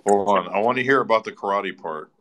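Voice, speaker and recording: A man in a casual group voice chat who talks loud and profane and uses his volume to drive his points home. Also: lowish voice, quick pace. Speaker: regular in an online voice chat room. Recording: noisy voice-chat line.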